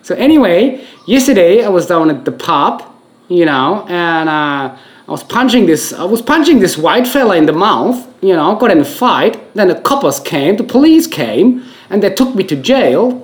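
A man's voice: high-pitched, sing-song, normal speed. A man putting on an Australian accent to play a brawling pub-goer telling a rambling story. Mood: boastful. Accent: put-on Australian.

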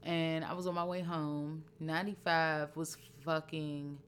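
A woman co-hosting a podcast, telling a story in a casual, profane, animated way. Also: low-pitched, a little slow, slight background noise. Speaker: podcast co-host. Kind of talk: casual chat.

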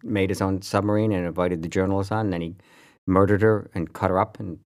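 A man's voice: deep voice, fairly even intonation, quick pace, a little mellow. A man co-hosting a casual podcast who rants sarcastically and swears freely. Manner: profane, sarcastic ranting. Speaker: podcast co-host. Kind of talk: casual chat.

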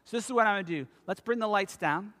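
A man in his fifties preaching a sermon as a pastor, telling stories with animated emphasis. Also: sits high, quick pace. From United States. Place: church sanctuary. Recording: long reverb of a church hall.

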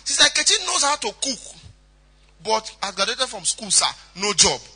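A Nigerian man preaching a storytelling sermon, animated, sliding into pidgin and acting out voices. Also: high-pitched, moderate pace, husky, faint music behind. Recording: echoey hall.

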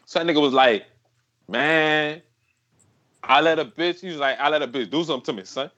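A man's voice: fairly high pitch, fairly quick, a bit bright, highs cut off. A man telling a crude story in casual chat, swearing, full of slang and laughing as he goes.

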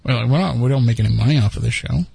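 A man's voice: mid-range voice, racing, gravelly, mellow, husky, dry recording. A man hosting a podcast, chatting casually and rambling with frequent restarts. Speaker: podcast host. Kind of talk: casual chat.

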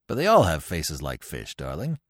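Man putting on a deep, gruff stout impresario, growly, dry close sound. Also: huge pitch swings, moderate pace, a bit bright, no echo, exaggerated voice. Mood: doting. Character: rotund gruff middle-aged theatre producer, doting father.

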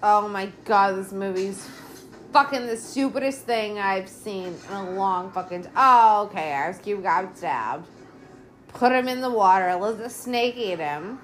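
A woman's voice: medium pitch, a little slow, soft background music. A woman hosting a podcast, giving casual, exasperated commentary on a movie as she watches it, swearing often. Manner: lively, exasperated, heavy swearing. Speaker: podcast host.

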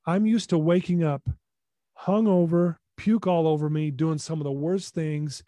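A man telling a personal story as a podcast guest, in an emphatic, animated way. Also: on the high side, measured pace, no echo.

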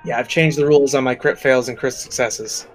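A man narrating as game master in a tabletop game, relaxed and laughing, thinking aloud with fillers as he goes. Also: medium pitch, brisk, faint music behind, low-quality recording.

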